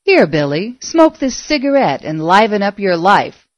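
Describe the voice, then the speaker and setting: A woman's voice: medium pitch, sing-song, measured pace, no room sound. A woman doing a sneering teenage girl. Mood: scornful. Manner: sneering, taunting. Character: scornful teenage girl on a date, mocking.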